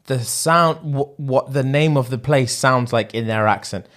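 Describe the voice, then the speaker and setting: A man's voice: mid-range voice, measured pace. A man co-hosting a podcast, chatting casually and playfully with lots of laughter. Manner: lively, laughs a lot, playful banter. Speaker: podcast co-host. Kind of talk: casual chat.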